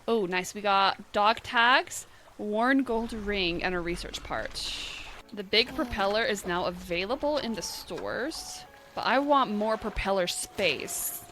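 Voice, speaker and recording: A young woman chatting casually through a video game, thinking aloud, reacting with quick startled remarks, and reading the game's text aloud. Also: mid-range voice, lively intonation, pushed and bright, a little hiss or hum. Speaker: gaming channel host.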